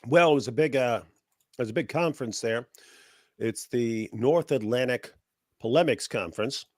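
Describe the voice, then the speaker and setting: A man from the United States who has a cold talks in a loose, sarcastic chat, mocking as he goes. His voice sits at an ordinary middle pitch and the sound is dry and close, with no room around it. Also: moderate pace, dry recording. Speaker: guest. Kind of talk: casual chat.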